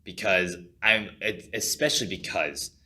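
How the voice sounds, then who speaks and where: A man in his twenties from California, a podcast guest telling stories in an animated, jokey and dramatic way. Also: low voice, unhurried. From California, USA. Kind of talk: casual podcast chat.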